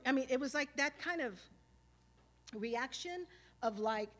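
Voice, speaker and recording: A woman's voice: sits high, moderate pace, pauses often. A woman, speaking on stage at a symposium and telling stories in a casual, streetwise, profane way, full of "you know" and "like", and acting out old arguments. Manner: animated, acting out past arguments. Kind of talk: storytelling talk at a symposium. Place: stage at a live event.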